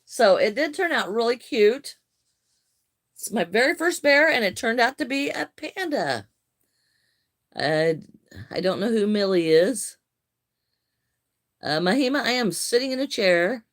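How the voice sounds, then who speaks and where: There's a sing-song quality to this older woman's somewhat high voice as she chats casually during a crochet live stream. She calls out viewers by name and answers what they write, never rushing.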